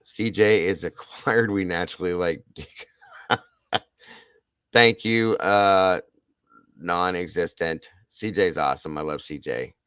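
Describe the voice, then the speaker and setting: Deep-voiced man effusively thanking his viewers. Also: slow pace, long pauses, a bit bright, clean tone, no room sound. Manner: emotional, effusive, repeats thanks and praise. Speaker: livestream host. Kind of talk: casual livestream chat thanking viewers.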